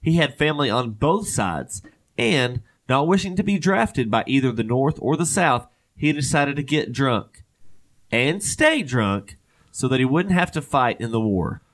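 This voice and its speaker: A man's voice: medium pitch, animated, measured pace. A man hosting a podcast in casual chat, rambling and joking with lots of fillers. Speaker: podcast host.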